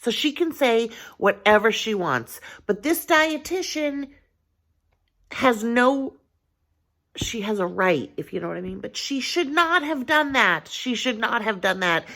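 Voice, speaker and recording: A woman's voice: a little high, animated, a little slow, fairly bright tone. A woman vlogger talking casually to her viewers, earnest and rambling, thinking aloud with frequent restarts and filler phrases. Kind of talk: casual talk to camera.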